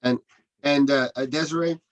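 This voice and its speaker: A man wrapping up an online comedy show over a video call, speaking at a middling pitch. He is friendly but halting, stumbling over restarts as he thanks the comics. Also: fairly even intonation, poor audio. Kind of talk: casual show wrap-up.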